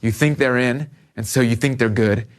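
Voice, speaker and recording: A man preaching a youth sermon to teenagers in a conversational, animated storytelling way. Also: mid-range voice, moderate pace. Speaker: youth pastor.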